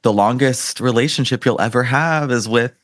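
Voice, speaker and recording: A man's voice: medium pitch, moderate pace, no room sound, clean studio sound. A man hosting a casual podcast interview in his morning voice, affirming his guest often. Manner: warm, affirming, many "mm-hmm"s. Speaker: podcast host, dating coach.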